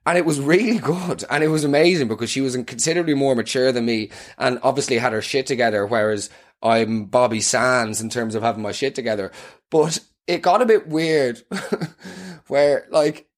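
Young man, podcast host, comic storyteller; rambling, self-mocking, laughs a lot, mid-pitched voice. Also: normal speed. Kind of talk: comedic storytelling.

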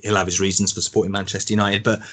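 Brummie guy in his 40s, lowish voice, chatty and rambly, laughs a lot mid-story. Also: little pitch movement, racing, fairly bright tone. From Birmingham, England. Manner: rambling, restarts often, chuckles while telling stories. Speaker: guest. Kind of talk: casual interview chat.

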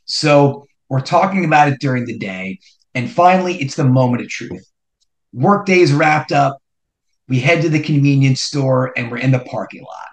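A middle-aged man from New Jersey, hosting a podcast and telling a personal story in an animated way, building suspense with repeated rhetorical questions. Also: mid-range voice, fairly quick. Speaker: podcast host. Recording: roomy echo.

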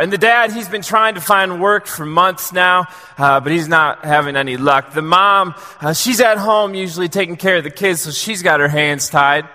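A man preaching a sermon to a congregation in a relaxed, joking, conversational way. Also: on the high side, normal speed, long reverb tail, faint music behind. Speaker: pastor. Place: church sanctuary.

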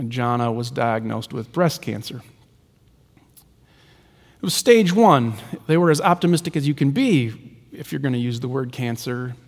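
Male pastor preaching, high voice, repeats lines in a rhythm, loud then hushed, big echoey church. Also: creaky. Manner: rhythmic repetition, swings between soaring and hushed. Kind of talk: sermon. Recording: long reverb of a large hall.

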